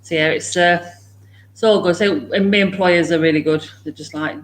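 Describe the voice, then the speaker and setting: A woman's voice: lowish voice, fairly even intonation, moderate pace, slight background noise. A woman chatting casually at home on a morning livestream, greeting viewers by name, laughing often and talking to her dogs. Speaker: livestream host.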